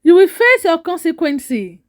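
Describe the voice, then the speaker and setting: A woman voicing a grown son who confronts his father in a flat, clipped, firm manner, in a spoken story. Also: very high voice, unhurried, voice pushed up, exaggerated voice. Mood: cold. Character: grown son, cold and controlled.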